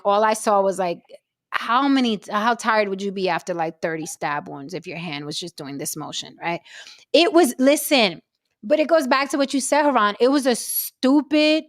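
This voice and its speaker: A woman with a fairly high voice hosts a casual chat show and tells stories with lots of profanity and animated energy. Her voice sounds close and dry, with very little room sound. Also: normal speed, dry recording. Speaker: podcast host.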